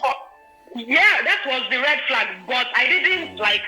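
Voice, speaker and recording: A woman's voice: high-pitched, measured pace, soft background music, poor audio. A woman in her twenties with a Nigerian accent, telling a personal story in a casual chat and often checking that her listeners follow. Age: 20s. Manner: animated, often checks in with "do you understand?". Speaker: guest sharing a personal story.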